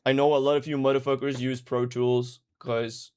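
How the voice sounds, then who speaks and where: A man who works as a music producer and mix engineer, answering viewer questions in a casual, profane, laid-back way that turns animated when he tells stories. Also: medium pitch, moderate pace, smooth. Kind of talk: casual livestream Q&A.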